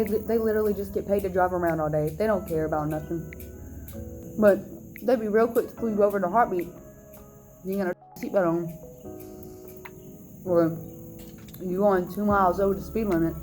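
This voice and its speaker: A young adult woman vlogger telling a storytime in an animated, indignant way. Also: fairly low pitch. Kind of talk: storytime vlog.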